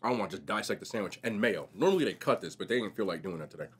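A young man vlogging casually while eating, telling stories in a slangy, animated way. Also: on the low side, rapid-fire, breathy edge. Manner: animated, slangy storytelling, says bro a lot. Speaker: mukbang vlogger.

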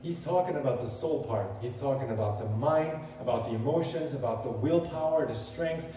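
A man's voice: mid-range voice, fairly quick, dark tone, a little hiss or hum. A male pastor giving a sermon, earnest and conversational, building emphasis as he quotes scripture. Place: church sanctuary. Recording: echoey hall, voice from far off.

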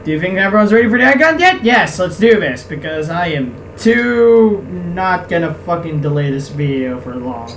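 A woman's voice: lowish voice, big pitch swings, normal speed, few pauses, a little hiss or hum. A woman playing a farming game, casually reading characters' lines aloud and trash-talking with lots of swearing. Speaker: let's play gamer. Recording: distant mic with loud game music.

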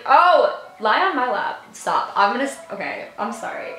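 A woman's voice: fairly high pitch, animated, a little fast, few pauses, bright, forceful tone. A woman reacting to a music video, gushing, giggling and talking to herself. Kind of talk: excitable reaction commentary. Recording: echoey room with music playing. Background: music video playing.

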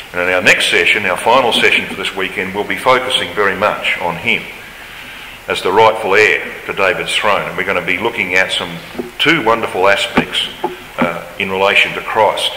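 A man's voice: low-pitched, moderate pace, sharp tone, slight background noise. A man giving an emphatic Bible study lecture, his voice rising when he reads scripture aloud. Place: large lecture hall. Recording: roomy hall reverb, faint ambience.

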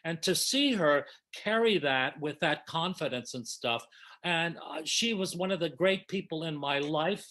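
A man's voice: fairly high pitch, lively intonation, measured pace, fairly bright tone. A man in his seventies telling affectionate, emotional stories to old castmates over a video call. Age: 70s. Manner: emotional, affectionate storytelling with restarts. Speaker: original cast member at a reunion. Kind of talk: reminiscing on a video panel.

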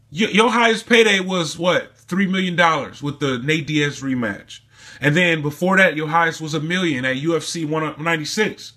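Man ranting with a bright, sharp voice. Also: a little high, moderate pace. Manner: profane, heated and mocking. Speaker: sports commentary vlogger. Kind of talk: casual ranting commentary.

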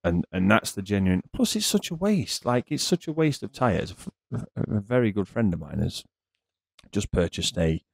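A man's voice: lowish voice, sing-song, moderate pace, gravelly, dry recording, clean studio sound. A man who runs a car repair garage, explaining things earnestly at length as a podcast guest. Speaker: car mechanic and garage owner. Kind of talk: casual chat.

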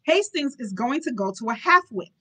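A woman's voice: high-pitched, sing-song, normal speed, bright, forceful tone, slightly rough, pitched above the performer's own voice, full character voice, low-quality recording. Storybook villain father: a contemptuous, roaring duke, read by a woman. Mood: furious disgust. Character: cruel, bellowing aristocratic duke, a father.

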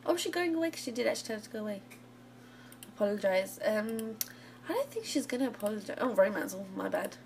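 A woman's voice: medium pitch, big pitch swings, fast, creaky. A woman casually commenting on a life-simulation game as she plays, chatty and giggly, cheering the characters on. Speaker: gaming channel host. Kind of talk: casual let's play commentary. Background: game music.

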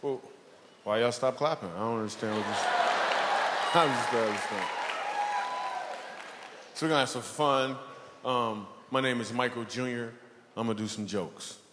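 A man performing a stand-up comedy set, telling animated stories and acting out characters. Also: medium pitch, normal speed, pauses often, a loud crowd. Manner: animated storytelling, acts out characters. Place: church hall with a live audience. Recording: long hall reverb, audience noise.

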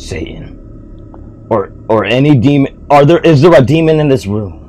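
A man's voice: mid-range voice, animated, measured pace, dark tone, slight background noise. Goofy young man rambling to himself. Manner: goofy, rambling self-talk. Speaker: host. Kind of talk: casual comedic vlog.

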